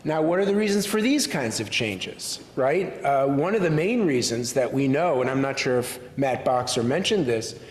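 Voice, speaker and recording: A male rabbi speaking to a congregation in a synagogue sanctuary. He tells stories thoughtfully, with frequent pauses. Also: mid-range voice, lively intonation. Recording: echoey hall with faint room noise.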